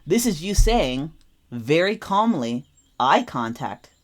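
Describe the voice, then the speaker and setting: Lively low-voiced woman reading tarot. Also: slow. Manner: animated, repeats phrases for emphasis. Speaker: tarot reader. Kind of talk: casual tarot reading monologue.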